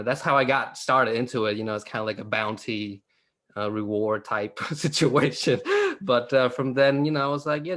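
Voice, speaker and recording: A man's voice: medium pitch, a bit bright. A young man from Vietnam, a comedian in a casual interview over a video call, joking and laughing with many fillers and restarts. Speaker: stand-up comedian guest.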